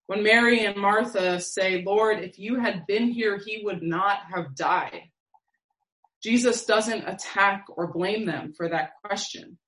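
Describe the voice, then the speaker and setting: A woman preacher giving a sermon in a slow, measured, reflective way with long pauses. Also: medium pitch, a bit bright, echoey room, low-quality recording.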